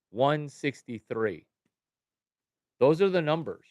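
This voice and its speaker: A middle-aged man hosting a livestream, talking to viewers in a slow, deliberate way. His voice is clean and crisp, recorded dry and close. He swings between quiet asides and sudden loud, excitable bursts. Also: medium pitch, no echo. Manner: excitable, jumps from mumbling to loud outbursts. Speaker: livestream host. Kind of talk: animated livestream talk to chat.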